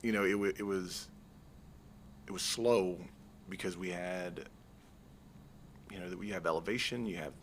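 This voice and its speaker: A man from the Marshall Islands, a guest on a podcast, talking in a laid-back, dry and sarcastic way with halting fillers. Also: deep voice, slight background noise. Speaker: guest, army veteran. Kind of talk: casual interview chat.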